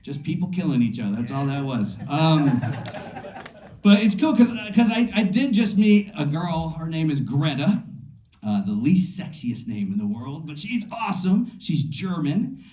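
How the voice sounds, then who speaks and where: Rambling stand-up comedian, lively high voice. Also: male voice, moderate pace. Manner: rambling, talks to the crowd by name, jumps into high silly voices for quotes. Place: comedy club stage. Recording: echoey club room. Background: audience laughter.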